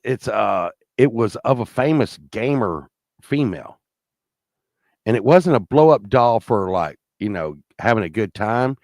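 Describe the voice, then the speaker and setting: A man's voice: on the low side, no echo. Profane rambling man, dry sound. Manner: profane, rambling, many restarts; acts out other people's lines. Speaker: storyteller. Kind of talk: rambling casual anecdote.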